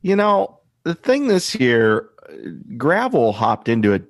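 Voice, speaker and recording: A man's voice: on the high side, wildly swooping pitch, takes it slowly, no echo, clean studio sound. A man co-hosting a casual podcast chat, rambling with many fillers and restarts. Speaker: podcast co-host.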